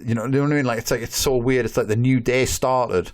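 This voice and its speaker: A man's voice: medium pitch, fairly even intonation, fast talker. A man co-hosting a podcast in casual chat, rambling with lots of swearing and filler words. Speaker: podcast co-host.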